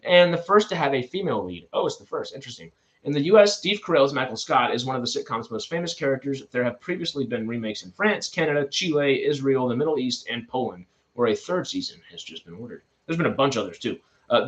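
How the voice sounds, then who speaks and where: Film news is the subject for this twenty-something male host, who reads each story and then riffs on it informally, wandering into asides and starting sentences over. He has a somewhat bright, mid-range voice.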